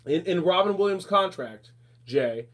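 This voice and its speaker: A man hosting a casual show, with a voice a bit higher than usual. He rambles and talks in an animated way, calling people darling and honey. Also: unhurried. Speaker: podcast host. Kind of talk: casual chat.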